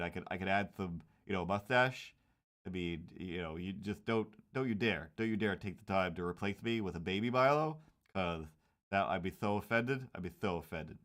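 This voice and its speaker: A man's voice: on the low side, a bit bright. A man chatting casually while drawing comics on a stream, rambling with jokey mock outrage and slipping into silly voices.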